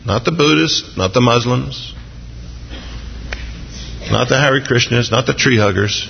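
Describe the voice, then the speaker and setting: A man preaching a sermon as pastor, animated and jumping into excited voices when he acts out quotes. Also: medium pitch, unhurried, vocal fry, long pauses, husky, in a large hall, muffled recording.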